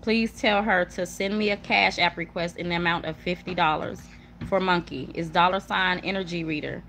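A young woman chatting casually and emphatically to viewers on a livestream, repeating herself and hushing her children now and then. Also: lowish voice, fairly even intonation, normal speed, slight background noise. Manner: chatty, emphatic, repetitive, warm toward viewers; hushes children mid-talk. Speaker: livestream host. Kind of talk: casual live chat to viewers. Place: home room with kids nearby.

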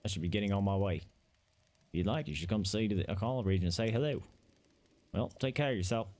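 A man's voice: fairly low pitch, quick pace, a little mellow, close to an everyday voice. A man voicing a laid-back young male construction worker with a put-on Australian accent that drifts southern, drawling and easygoing.

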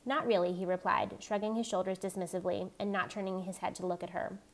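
A woman reading a novel aloud in a steady, even narrating voice. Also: fairly low pitch, quick pace. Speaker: reader.

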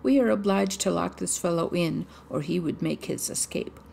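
A woman's voice: lowish voice, normal speed, vocal fry, dark tone, a little hiss or hum. A woman reading a storybook voices a spoiled, headstrong robber girl who talks bossy and blunt.

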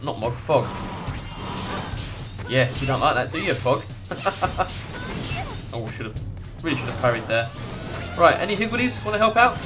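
A young man narrates his playthrough in casual let's play commentary, joking and swearing as he reacts. His pitch swings widely from phrase to phrase, with faint game music underneath. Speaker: gaming video creator.

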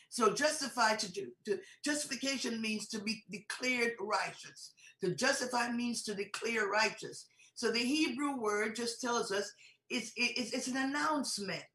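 A woman preaching a teaching sermon with a bright, forceful edge and a slightly high voice. She drives her points home with repetition and rhetorical questions. The sound rings out with the echo of a large hall. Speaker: bishop teaching a conference. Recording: roomy echoey hall sound.

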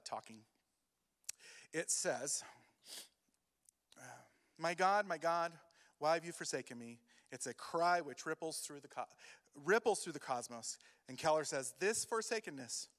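A man giving an emotional sermon as a youth pastor, moving between quiet grief and loud urging. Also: fairly high pitch. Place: church hall. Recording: long hall reverb.

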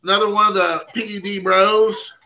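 A man's voice: sits high, little pitch movement, moderate pace, bright, forceful tone, low-quality recording. A man hosting a casual card-opening stream, rambling and poking fun at himself while chatting with viewers. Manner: rambling, self-deprecating, chatty asides to viewers. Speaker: card collecting channel host.

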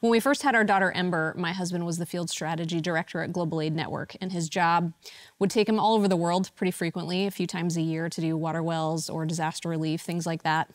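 A woman's voice: fairly low pitch, dry recording, clean studio sound. A woman in her thirties giving a church message, opening with a personal story and laughing at herself as she tells it. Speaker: church speaker.

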